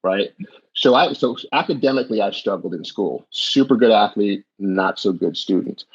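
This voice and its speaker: A middle-aged man with a husky, fairly low voice tells his life story in a candid, meandering way. He often restarts his sentences and leans on "you know". The audio sounds muffled and lo-fi. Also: expressive, normal speed. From born in the US, raised in Jamaica. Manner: reflective, rambling with many restarts and fillers. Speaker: podcast guest. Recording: dull lo-fi audio.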